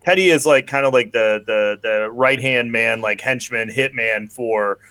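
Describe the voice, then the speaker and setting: A man with a middle-pitched voice recapping a film on a podcast, rambling and filling every pause with "like". The sound is dry and close. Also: pushed and bright, dry recording. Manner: rambling, heavy on "like", quick bursts. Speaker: podcast host. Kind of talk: casual chat recapping a film.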